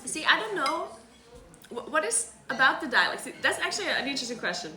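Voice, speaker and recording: A woman's voice: high-pitched, very animated, quick pace, pushed and bright. Chatty woman streamer. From South Tyrol. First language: German (South Tyrolean dialect). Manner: chatty, laughs often, many "like" fillers. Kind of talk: casual chat with stream viewers. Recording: roomy echo.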